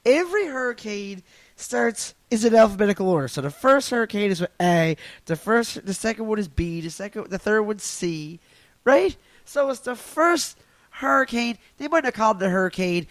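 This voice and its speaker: A man with a Newfoundland accent rants into his phone from his couch, swearing freely and cracking himself up. His voice sits high and swings widely as he gets worked up. The sound is close and dry, with no room around it. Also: normal speed, no echo. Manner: profane, animated, laughs at his own jokes. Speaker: podcast host and stand-up comic. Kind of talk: casual solo rant. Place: at home on a couch.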